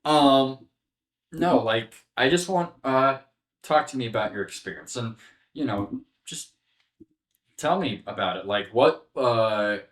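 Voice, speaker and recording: A man co-hosting a casual film podcast, laughing often and talking in halting restarts. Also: mid-range voice, animated, a bit bright. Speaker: podcast co-host and filmmaker. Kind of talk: casual chat. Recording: echoey room, distant mic.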